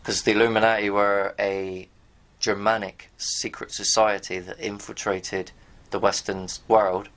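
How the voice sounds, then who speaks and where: A man with a somewhat low voice talks casually to the camera, rambling and blunt, with the odd swear word. He reads bits from pages on screen and speaks straight to his viewers. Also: little pitch movement, a little slow, a bit bright. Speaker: video host. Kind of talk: casual commentary while reading from pages on screen.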